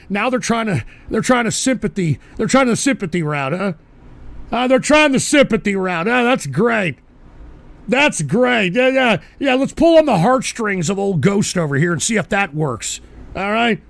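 A man hosts a live call-in stream with a high-set voice that grinds with heavy fry. He rants belligerently and profanely at his chat, often bursting into shouts. He talks into a desk microphone. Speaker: call-in show host.

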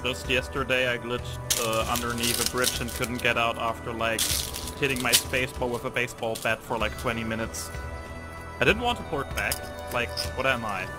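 A man with a German accent rambles and jokes through his headset, mid-pitched and easygoing. Loud game music plays under his voice the whole time. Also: fairly even intonation, normal speed. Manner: joking, rambling with fillers. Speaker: gamer in voice chat. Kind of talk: casual chat.

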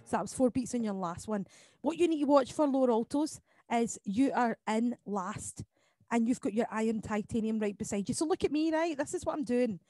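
A woman leading an online choir lesson, explaining each part and counting beats aloud between quick sung demonstrations. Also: a little high, lively intonation, warm tone, no room sound. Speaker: choir leader. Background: piano accompaniment.

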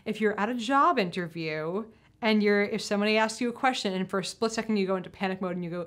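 A woman in casual onstage conversation, animated and profane, often acting out quotes in mocking voices. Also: mid-range voice, fast. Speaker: panel guest.

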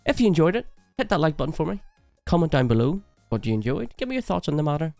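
A man's voice: fairly high pitch, sing-song, fast talker, gravelly, darkish tone, no echo, soft background music. A man hosting a reaction video, giving blunt, opinionated commentary and joking along the way. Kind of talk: casual commentary.

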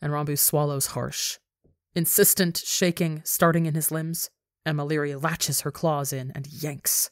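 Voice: mid-range voice, steady tone, unhurried, dry recording, studio quality. A podcast reader narrating a fan fiction story with intense, dramatic storytelling.

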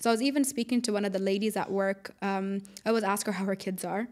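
A woman's voice: medium pitch, fairly even intonation, quick pace, darkish tone. A young woman from the UAE with a Dubai private-school accent carrying an American twang, chatting casually as a podcast guest, full of likes and fillers. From United Arab Emirates. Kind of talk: casual chat.

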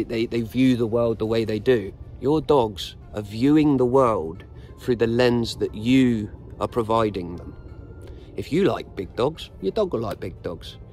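A middle-aged British man talking at an unhurried pace while out on a dog walk, giving blunt, plain-spoken advice to dog owners. His voice is mid-pitched and level, and he tends to lecture. Faint music sits underneath. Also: darkish tone. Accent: British English. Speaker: dog trainer vlogger. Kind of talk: casual instructional monologue.

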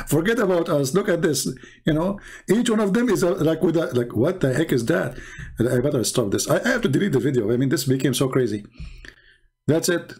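A man giving sarcastic reaction commentary on videos, mocking and chuckling, in broken English, his voice going hoarse. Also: on the high side, expressive, brisk, darkish tone. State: losing his voice.

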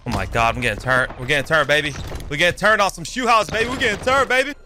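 A young man giving excitable live commentary over his own gameplay, yelping and swearing as the fights heat up. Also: a little high, fast talker, background noise. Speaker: gaming YouTuber. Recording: game gunfire loud under the voice.

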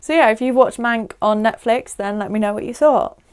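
A woman's voice: on the high side, brisk, clear, resonant tone. A young woman, chatting effusively to camera as she reviews a film, with frequent "like" fillers.

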